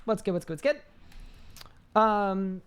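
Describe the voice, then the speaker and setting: A man with a high-pitched voice, chatting casually on a live game stream, reading chat aloud and rambling with restarts. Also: lively intonation, takes it slowly, clear, resonant tone.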